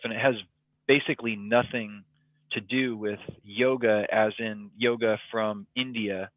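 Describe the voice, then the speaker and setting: A man's voice: lowish voice, dry recording. Man on a tinny, phone-like line. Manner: rambling, with frequent ums and likes. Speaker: podcast guest. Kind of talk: casual personal storytelling.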